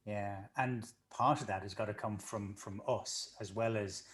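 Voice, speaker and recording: A man hosting a sports business interview, asking thoughtful questions in a measured way with small restarts. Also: on the low side, steady tone, a bit bright. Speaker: host.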